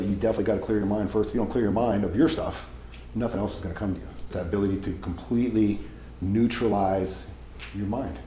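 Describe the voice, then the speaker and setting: A man's voice: on the low side, mellow, roomy sound, a little hiss or hum, rough recording. A man giving a live seminar talk to an audience, casual and profane, telling stories as he goes. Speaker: seminar speaker.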